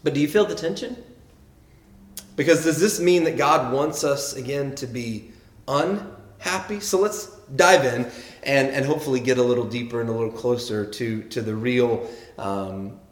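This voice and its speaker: A man's voice: medium pitch, roomy sound. A man preaching a sermon earnestly, often repeating words as he builds his points and reading quotes with emphasis. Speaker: pastor.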